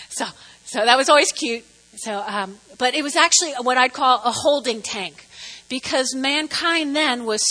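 Animated woman pastor preaching in a hall. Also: high-pitched. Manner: animated, conversational preaching with audience call-and-response. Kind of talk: sermon. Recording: reverberant hall.

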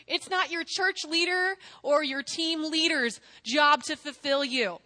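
A middle-aged woman preaching a sermon, with a high, bright voice. She speaks in an animated way, laughs often and acts out little quotes. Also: measured pace, no echo.

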